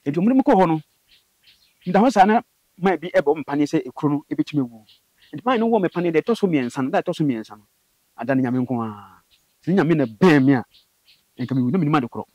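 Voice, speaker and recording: Man, guest storyteller, husky and quick, dry close sound, lively testimony. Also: no echo. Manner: fast, animated storytelling with sudden high bursts. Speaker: guest telling his story. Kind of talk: personal testimony in conversation.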